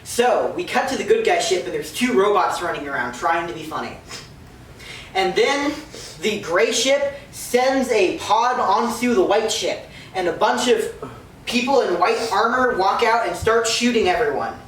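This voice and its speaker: A woman giving a casual, joking lecture to friends, retelling a story with laughs and quick asides. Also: medium pitch, animated. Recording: echoey room, far from the mic, faint noise.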